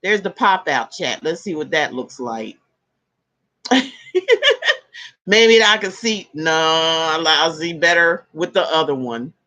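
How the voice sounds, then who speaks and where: Talkative lady greeting her live chat, bright voice that jumps all over, laughs a lot. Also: deep voice, takes it slowly, long pauses. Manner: chatty, greets viewers and reads comments aloud; laughs easily, animated exclamations. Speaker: tarot reader hosting a live stream. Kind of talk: casual live-stream chat.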